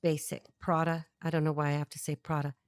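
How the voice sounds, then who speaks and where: A middle-aged woman with a low voice gives a tarot reading, talking bluntly and thinking aloud with lots of restarts. She is recorded close and dry, with little room sound. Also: level tone, fast talker, no echo. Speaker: tarot reader. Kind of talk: channeled tarot reading to camera.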